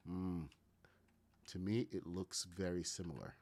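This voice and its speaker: A man's voice: low voice, fairly even intonation, unhurried, darkish tone. A man with a Caribbean accent giving casual commentary, thinking aloud and talking to his chat while building in a game. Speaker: gaming streamer.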